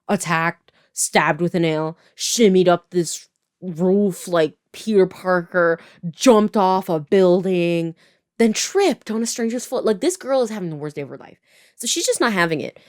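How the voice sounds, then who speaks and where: Chatty woman in her twenties from Canada, lower voice with lively swings, close dry sound, sarcastic recap. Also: a little slow, no echo. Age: 20s. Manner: chatty, filler-heavy, sarcastic asides. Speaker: writer and video creator. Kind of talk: casual plot recap to camera.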